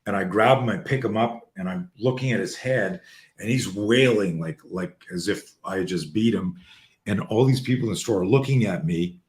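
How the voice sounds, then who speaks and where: A man hosting a podcast, telling a story in casual chat, animated and swearing freely. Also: fairly low pitch, normal speed. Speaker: podcast host. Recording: roomy echo.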